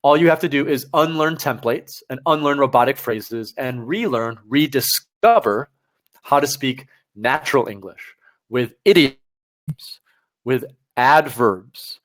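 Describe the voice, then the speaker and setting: A man teaching test preparation on a live stream, talking straight to viewers in an energetic, direct way. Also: medium pitch, unhurried.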